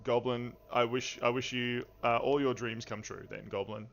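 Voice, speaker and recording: A man's voice: medium pitch, little pitch movement, moderate pace, gravelly, fairly bright tone. Rambling game-master man. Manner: playful, rambling, welcoming. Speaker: game master and stream host. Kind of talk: livestreamed tabletop game chat. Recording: dull lo-fi stream audio.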